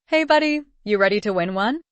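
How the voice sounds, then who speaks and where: A woman's voice: medium pitch, lively intonation, a little fast, smooth, no room sound, close to an everyday voice. A woman voicing a scruffy, gap-toothed male carnival game worker with a folksy Texan drawl.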